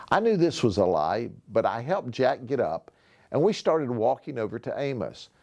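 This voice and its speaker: A man's voice: medium pitch, normal speed, gravelly. A sheriff, a man, reading a novel aloud expressively to schoolchildren. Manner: expressive storytelling.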